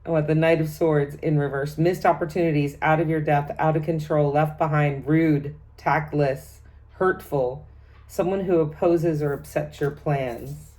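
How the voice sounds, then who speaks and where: Low-voiced middle-aged woman reading tarot. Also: fairly even intonation, unhurried, darkish tone. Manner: chatty, reads card meanings as lists, laughs often. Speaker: tarot reader. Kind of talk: casual tarot reading vlog.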